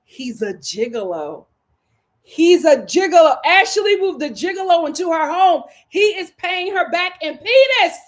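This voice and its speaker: A woman's voice: extremely high pitch, sing-song, normal speed, hardly any pauses. A woman hosting a reality TV recap, blunt and dramatic, acting out quotes in voices. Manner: blunt, sassy humor. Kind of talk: animated solo commentary.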